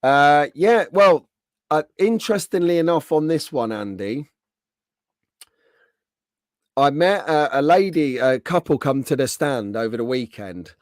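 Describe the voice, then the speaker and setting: A man's voice: a little high, animated, normal speed, no room sound, clean studio sound. Chatty man hosting a live stream. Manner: chatty, answers viewers' comments by name. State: rough throat, clearing it often. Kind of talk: casual live stream chat.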